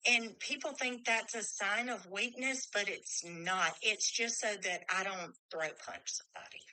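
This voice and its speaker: Slow, bright, blunt-talking woman. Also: mid-range voice, dry recording, poor audio. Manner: blunt, storytelling with quoted dialogue. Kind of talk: casual conversation.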